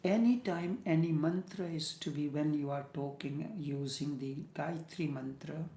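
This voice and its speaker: Slow-speaking spiritual teacher in an echoey room. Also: male voice, on the high side, creaky, dark tone. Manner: measured, drops to whispers on key words. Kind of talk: slow meditative spiritual discourse.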